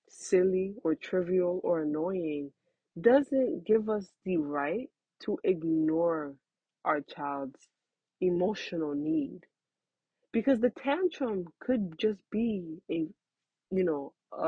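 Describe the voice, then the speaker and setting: A young woman talking casually and earnestly about parenting, chatty and quick to laugh. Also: on the low side, husky, dry recording. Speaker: parenting host. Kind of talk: casual advice talk. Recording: dull lo-fi sound.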